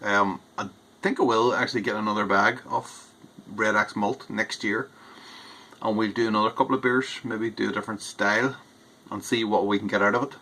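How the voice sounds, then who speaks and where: A man's voice: lowish voice, fairly even intonation, moderate pace, sharp tone. A man hosting a homebrewing video, giving a casual beer tasting review in a rambling, hedging way, as if thinking aloud. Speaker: homebrewer host.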